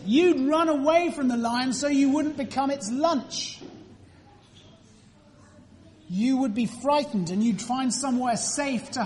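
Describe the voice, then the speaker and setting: Slow woman leading a church children's talk. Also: high-pitched. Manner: asks the children questions and prompts answers; slow, clear, deliberate. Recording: reverberant church room.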